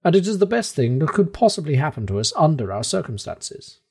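A man voicing a calm, self-assured older professor who speaks in a matter-of-fact way in a storybook reading. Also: mid-range voice, moderate pace, vocal fry, slightly rough, heavily acted.

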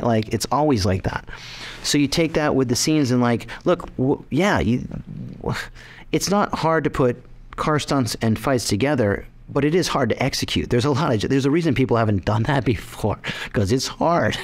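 Animated, rambling man interviewed. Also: medium pitch. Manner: rambling, animated, with laughs and restarts. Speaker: film director being interviewed. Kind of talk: casual interview.

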